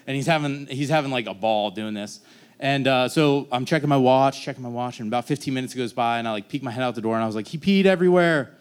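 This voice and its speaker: Brief: young man, rambling storyteller, clear smooth voice, mid pitch. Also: quick pace. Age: young adult. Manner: casual rambling, acts out quoted voices. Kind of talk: personal story told on stage.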